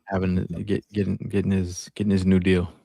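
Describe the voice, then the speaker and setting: A man's voice: deep voice, completely flat delivery, fairly quick, creaky, dark tone, breathy edge, no room sound, studio quality. A man hosting a live sports talk stream, chatting casually and reading out viewer comments. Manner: laid-back, reads out chat comments. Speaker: podcast host. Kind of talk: casual chat.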